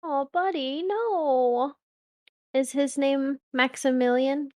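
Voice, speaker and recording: A woman plays in a tabletop game, talking in a casual, chatty manner. Her voice sits a bit high, and the sound is close and dry. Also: a little mellow, no room sound. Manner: casual, chatty, quick to laugh. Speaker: player.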